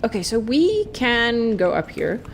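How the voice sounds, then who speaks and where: Streaming a game live, a woman chats casually and playfully, laughing a lot and swearing freely. Her slightly high voice is very animated at a measured pace, with a little hiss or hum.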